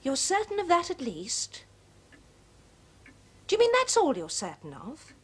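An actress playing a cool, self-possessed young college-educated daughter who speaks crisply and precisely, in a period film drama. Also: female voice, high-pitched, wildly swooping pitch, unhurried, exaggerated voice. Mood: cold. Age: young adult.

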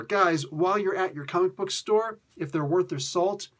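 A man with a husky, somewhat raised voice talks through a comic book review. He rambles and restarts his sentences, and his delivery stays lively and chatty the whole way. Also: on the high side, moderate pace. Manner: animated, rambling, frequent fillers and restarts. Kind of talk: casual video review.

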